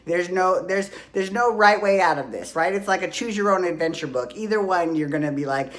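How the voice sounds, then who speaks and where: A woman in her forties recapping reality TV in a gossipy, profane, excitable way, recorded on a phone at home. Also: fairly low pitch, moderate pace. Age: 40s. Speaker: podcast host. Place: hot room at home.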